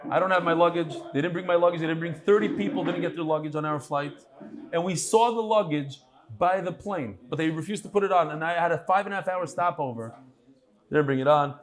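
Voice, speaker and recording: A rabbi chatting casually with his live class, teasing people by name in an animated way. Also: on the high side, quick pace. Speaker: rabbi leading a daily study class. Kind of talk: casual banter with a live audience.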